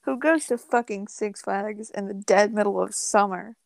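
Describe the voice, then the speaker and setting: A woman's voice: mid-range voice, moderate pace, creaky, no echo. A young woman co-hosting a podcast, bantering and teasing with frequent swearing. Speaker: podcast co-host. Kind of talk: casual chat.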